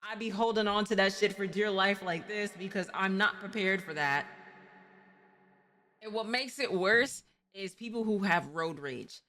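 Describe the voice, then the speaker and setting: A woman's voice: mid-range voice, a little slow, a bit bright. A woman from New York, hosting a stream and chatting casually about driving in a rambling, slangy way. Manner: rambling, slangy, many restarts. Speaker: streamer host.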